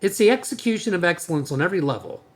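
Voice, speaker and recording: A man talks straight to his listeners as a dentist hosting his own podcast. His voice sits a touch high and swings widely in pitch as he stresses his points. He speaks bluntly and emphatically, often restarting his sentences. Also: sing-song, very fast. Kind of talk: podcast monologue on leadership.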